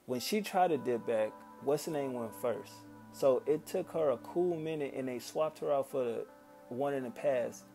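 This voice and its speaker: With soft music in the background, a male vlogger gives a casual, profane movie rant, exasperated and often acting out his own past reactions in animated self-quotes. His voice is mid-range and gravelly, at a moderate pace.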